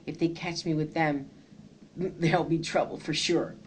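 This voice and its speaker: A woman reading a gentle, grieving young soldier. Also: low voice, fairly even intonation, unhurried, slight background noise. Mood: hushed. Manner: soft, tearful and hushed.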